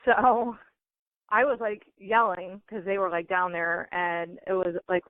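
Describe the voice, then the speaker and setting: A woman's voice: lowish voice, fairly even intonation, measured pace, no room sound. A woman calling in, telling a story casually and animatedly, with lots of fillers. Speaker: call-in guest. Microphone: phone. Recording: tinny phone line.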